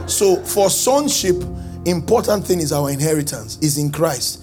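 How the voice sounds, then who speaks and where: Male pastor, high voice, sing-song call-and-response preaching that breaks into shouts, soft music underneath. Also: expressive, moderate pace. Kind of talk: sermon. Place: church service.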